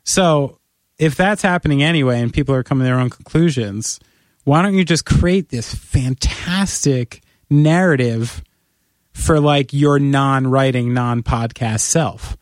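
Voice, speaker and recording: A man co-hosting a podcast in casual chat, animated and playfully persuasive, talking in long run-on pitches. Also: a little slow, no room sound, clean studio sound. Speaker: podcast co-host.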